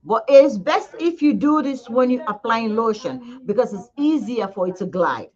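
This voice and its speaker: A woman's voice: a little high, lively intonation, moderate pace, darkish tone. Chatty woman teaching face massage. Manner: chatty, coaxing, talks straight to viewers. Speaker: esthetician demonstrating face massage. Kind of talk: casual live demonstration. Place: skincare studio. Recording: slightly dull lo-fi sound.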